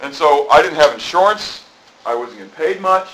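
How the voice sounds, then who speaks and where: A man's voice: a little high, animated, moderate pace, fairly bright tone, slight background noise, rough recording. A middle-aged man preaching a sermon in a conversational, rambling way, full of asides. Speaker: pastor. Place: church.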